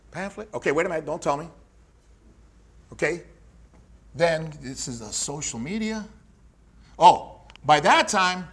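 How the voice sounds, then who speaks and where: An energetic male fitness coach lecturing a room of trainers. His voice sits high for a man and swings widely in pitch as he acts out quick back-and-forth exchanges with clients. His delivery is blunt and punchy. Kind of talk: teaching a seminar.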